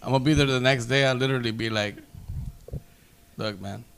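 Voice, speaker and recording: A man's voice: mid-range voice, a little fast, vocal fry, fairly bright tone, smooth. A young man hosting a casual podcast, reading listener questions and reacting in short, slangy bursts. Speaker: podcast host. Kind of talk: casual chat.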